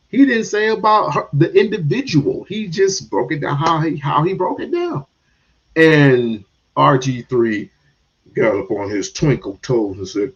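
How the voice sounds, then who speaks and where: A man's voice: on the high side, slightly rough. A man hosting a show, ranting about sports and culture in a sarcastic, mocking way. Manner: animated, sarcastic, mocking asides. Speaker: podcast host. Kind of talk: opinionated sports commentary rant. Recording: dull lo-fi stream audio.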